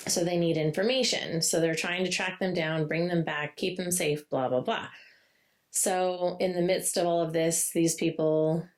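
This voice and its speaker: Chatty woman podcast co-host, animated. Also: normal speed. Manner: animated retelling, acts out characters' lines with playful high voices; loose and chatty, many fillers and laughs. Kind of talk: casual book-discussion chat.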